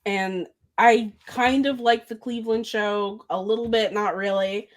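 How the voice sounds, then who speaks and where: A woman's voice: medium pitch, fairly even intonation, unhurried. A woman co-hosting a podcast in casual chat, rambling and giggling and tripping over words. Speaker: podcast co-host.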